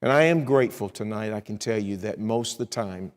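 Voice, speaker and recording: A middle-aged man preaching an evening sermon as a visiting evangelist, acting out anxious prayers in a rising pleading voice and dropping to a quiet hush for personal stories. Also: on the low side, fairly quick. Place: church sanctuary. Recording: long hall reverb in a church.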